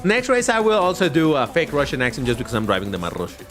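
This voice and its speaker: Guy streaming a racing game, chatty and opinionated, voice jumps all over, bit higher pitched, faint music under. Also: huge pitch swings, racing, fairly bright tone. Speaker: livestreamer. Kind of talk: live gameplay commentary.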